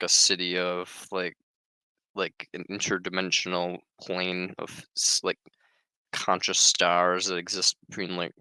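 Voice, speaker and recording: A man's voice: deep voice, pushed and bright, smooth, dry recording, low-quality recording. A man casually reading a book aloud and commenting, rambling and swearing, with many filler words. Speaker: reader and commentator.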